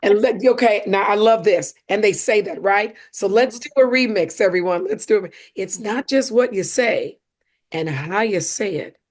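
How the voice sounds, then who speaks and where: Animated woman communication coach. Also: mid-range voice, normal speed. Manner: animated, acts out tone examples, emphatic. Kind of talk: podcast interview guest.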